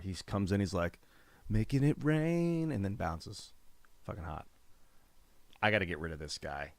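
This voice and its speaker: A man commentating his own card game on a live stream, thinking aloud about his moves in a casual, profane way and getting excited when thanking viewers. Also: deep voice. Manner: reads out donor names with rising excitement.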